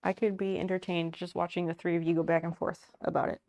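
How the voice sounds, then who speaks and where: A woman's voice: fairly low pitch, flat delivery, fairly quick, vocal fry, darkish tone. Chatty woman livestreaming home chores. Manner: chatty, reads chat aloud, greets and thanks viewers, laughs often. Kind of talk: casual livestream chat while doing home chores. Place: home office.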